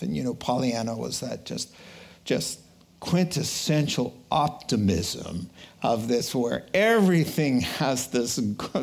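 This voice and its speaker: A middle-aged man preaching a sermon, telling a personal story with animated, laughing delivery. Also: fairly high pitch.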